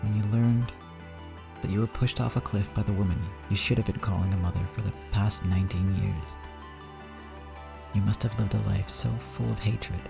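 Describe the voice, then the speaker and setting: Over music, a man with a fairly low voice, even intonation, normal speed and vocal fry reads a visual novel aloud. He voices a proud middle-aged woman who is bitter and anguished, first accusing and then pleading.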